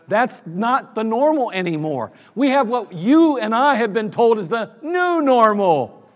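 A man's voice: extremely high pitch, big pitch swings, unhurried, dull audio. A man preaching a sermon as pastor, earnest and emphatic, repeating phrases for stress. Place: church sanctuary. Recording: reverberant church sanctuary.

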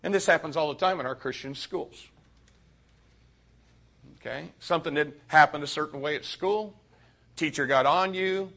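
A man preaching a sermon to young people, animated and addressing them directly. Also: a little high, normal speed, long pauses.

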